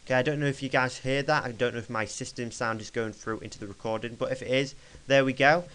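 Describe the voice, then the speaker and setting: Young man, smooth clear voice, casual software walkthrough, rambling and chatty, desk mic. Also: mid-range voice, steady tone, fast, low-quality recording. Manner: chatty, rambling, self-correcting as he clicks. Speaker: tutorial maker. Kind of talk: casual screen-recorded software tutorial.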